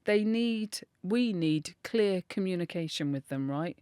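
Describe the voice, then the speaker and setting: A woman's voice: on the low side, expressive, a little slow, dark tone, clean tone, dry recording, studio quality. A woman co-hosting a podcast in a casual chat, talking in a chatty way, laughing often and swearing freely. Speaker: podcast co-host.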